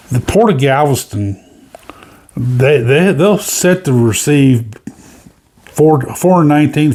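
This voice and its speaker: A man's voice: medium pitch, mellow. A man hosting casual cruise news commentary, rambling with many fillers and restarts.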